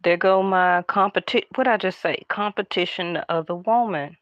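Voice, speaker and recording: A woman doing a casual tarot card reading, talking in a hushed, half-whispered, chatty way to her viewers. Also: fairly low pitch, normal speed, no room sound, lo-fi sound. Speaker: tarot reader.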